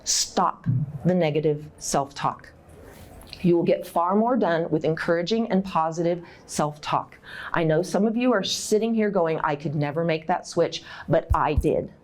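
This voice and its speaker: A middle-aged woman speaks to a conference audience in a workshop talk. She is direct and encouraging and laughs easily. Her voice sits at a middle pitch but leaps upward when she acts out anxious inner voices. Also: measured pace, a little mellow. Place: conference room.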